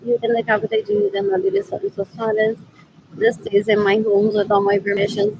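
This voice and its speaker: A woman's voice: on the high side, big pitch swings, fairly quick, vocal fry, muffled recording, slight background noise. A woman in a rambling, scornful spoken monologue who keeps asking "what else?" and switches between English and Spanish. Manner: disgusted, scornful.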